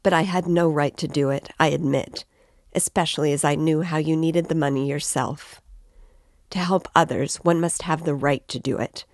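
A bitter, feverish young student speaks in a low, close voice, as a woman reads him aloud. He sounds sarcastic and brooding, and the recording is dry and intimate. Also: fairly even intonation, normal speed, dry recording. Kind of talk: reading a novel aloud.

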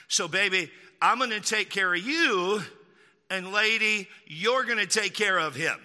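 A man's voice: high-pitched, lively intonation, a little slow, sharp tone, clean tone, big-room sound. A man from Texas, a pastor preaching an emphatic sermon, repeating key lines for stress and slipping in mocking asides.

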